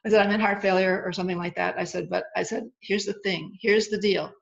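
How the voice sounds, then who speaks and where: A woman's voice: medium pitch, fast talker, gravelly. A middle-aged woman telling a personal story as an interview guest, acting out quoted dialogue as she goes. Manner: animated retelling with quoted dialogue. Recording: lo-fi muffled audio.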